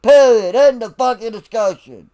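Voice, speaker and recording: A man from the United States shouting a profane political rant, lecturing in a drill-sergeant manner. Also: very high voice. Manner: slow, emphatic, lecturing. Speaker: vlogger.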